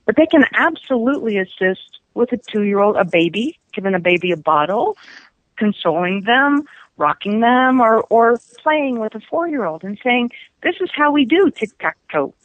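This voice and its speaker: A woman's voice: on the high side, animated, moderate pace, dry recording. A woman in her fifties, a psychic guest on a radio chat, telling stories animatedly and laughing often, heard through dull lo-fi radio sound. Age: 50s.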